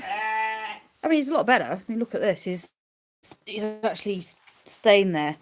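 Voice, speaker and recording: This farm livestream features a smallholder chatting loosely with viewers about her animals, rambling and restarting, with a phone on a tripod doing the filming. Her medium-pitched voice is animated, at a normal speed, and she pauses often.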